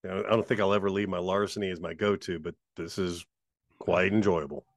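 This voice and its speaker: A man who is a guest on a podcast, chatting in a relaxed, easygoing way. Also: low voice, fairly quick, vocal fry, no room sound, clean studio sound. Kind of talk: casual chat.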